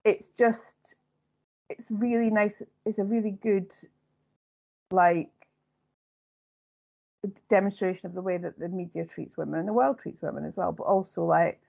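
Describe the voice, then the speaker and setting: A woman's voice: medium pitch, a little slow, vocal fry, long pauses. A woman co-hosting a podcast, chatting casually and rambling with many fillers. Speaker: podcast co-host. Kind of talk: casual chat. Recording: dull lo-fi recording.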